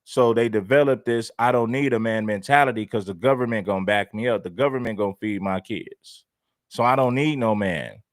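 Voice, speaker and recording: A man co-hosting a livestream, giving calm, explanatory commentary and repeating his points. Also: lowish voice, fairly quick, no room sound, clean studio sound. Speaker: livestream co-host.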